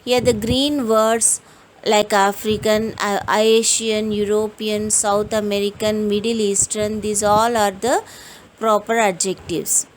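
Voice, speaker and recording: A woman teaching an English grammar lesson, explaining each rule in a slow, deliberate way and reading out example sentences. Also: mid-range voice, flat delivery, a little hiss or hum, poor audio.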